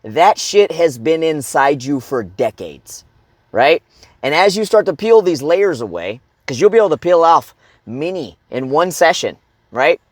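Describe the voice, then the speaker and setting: Fairly high-pitched and very animated yet unhurried, this middle-aged man coaches other men through motivational advice. Heavy profanity and a habit of asking "okay?" and "right?" mark his blunt style. Studio quality with no room sound.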